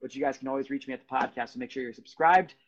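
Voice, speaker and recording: A man's voice: medium pitch, very fast. A man hosting his own podcast, speaking earnestly and casually in a motivational solo monologue. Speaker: podcast host. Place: podcast studio. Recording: dull lo-fi sound.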